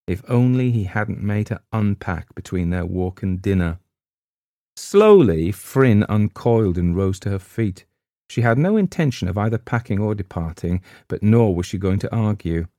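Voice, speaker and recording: A man reading a supernatural short story aloud in a measured, steady narration. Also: on the low side, no echo, clean studio sound. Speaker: audiobook narrator. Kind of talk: scripted narration.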